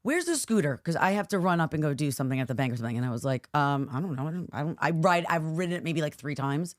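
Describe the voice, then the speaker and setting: A woman co-hosting a casual podcast chat, telling a story and acting out the people in it with lively voices. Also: deep voice, rapid-fire, no room sound, clean studio sound. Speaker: podcast co-host. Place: studio.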